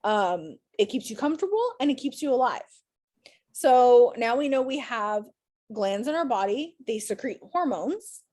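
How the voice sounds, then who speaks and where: A woman leads an online class through a computer mic, chatty and upbeat with her students. Her voice sits a little high and sounds tired after a full day of teaching. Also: lively intonation, moderate pace, dark tone.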